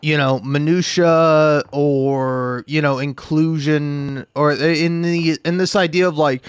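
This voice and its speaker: A man's voice: fairly high pitch, fairly even intonation, slow pace, hardly any pauses, clean tone, dry recording, clean studio sound. A young man chatting casually on a gaming live stream, rambling and self-deprecating with lots of false starts. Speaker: gaming livestreamer.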